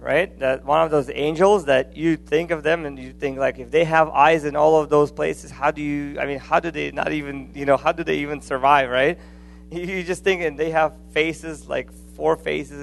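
A man preaching a sermon in a conversational, animated way, often restarting phrases and adding asides. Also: on the high side, moderate pace, vocal fry, slight background noise.

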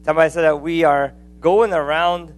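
A man preaching a sermon in a conversational, animated way, often restarting phrases and adding asides. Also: fairly high pitch, normal speed.

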